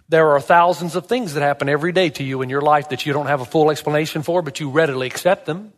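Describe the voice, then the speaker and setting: A man's voice: fairly high pitch, quick pace, few pauses, in a large hall. A male pastor preaching a sermon, telling stories with animation and asking emphatic rhetorical questions.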